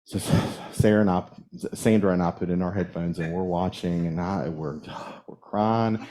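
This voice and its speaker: A man's voice: low voice, steady tone, normal speed, warm tone. A man preaching a sermon as a minister in a conversational, storytelling way, chuckling as he goes. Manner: conversational, chuckles while telling stories. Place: church sanctuary.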